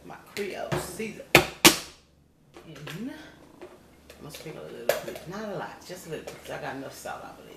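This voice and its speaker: Echoey older grandma cooking. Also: female voice, low voice. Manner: folksy, chatty, keeps asking "okay?" and calls viewers y'all and baby. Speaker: home cook. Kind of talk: cooking demonstration vlog. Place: home kitchen. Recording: echoey room with loud background noise.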